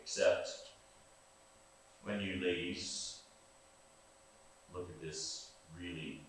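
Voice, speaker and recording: An older man preaching a sermon in a church, animated and folksy, asking the congregation questions. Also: deep voice, very slow. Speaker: pastor. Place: church sanctuary. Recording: very echoey church room, distant mic, faint hiss.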